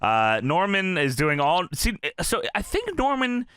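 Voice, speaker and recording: A man co-hosting a casual podcast chat, excitable, quick to laugh and swear. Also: high voice, clean tone, no room sound. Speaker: podcast co-host.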